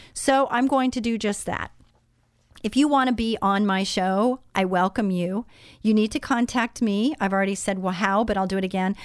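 A woman's voice: medium pitch, normal speed, dry recording, studio quality. A woman hosting a Christian radio talk show, speaking conversationally with many fillers.

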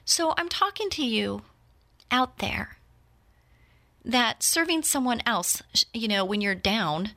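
Woman in her fifties, host type, bright clear tone, earnest and reflective, talks straight to the audience. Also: fairly high pitch, lively intonation, slow, pauses often. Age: 50s. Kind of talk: heartfelt personal talk.

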